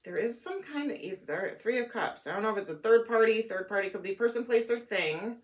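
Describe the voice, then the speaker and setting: A woman reading tarot cards aloud, musing and thinking out loud as she goes, her voice a little worn and hoarse. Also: on the high side, lively intonation, a little fast. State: losing her voice. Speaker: tarot reader.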